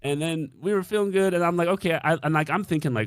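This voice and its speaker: A man's voice: a little high, lively intonation, quick pace, clear, resonant tone, dry recording, clean studio sound. A young man casually telling a dating story on a stream, swearing freely and acting out his own reactions.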